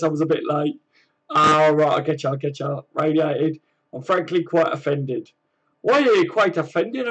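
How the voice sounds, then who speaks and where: A man's voice: on the high side, low-quality recording. An English man hosting a casual fan live stream, chatting to viewers and answering their comments, calling them mate and laughing often.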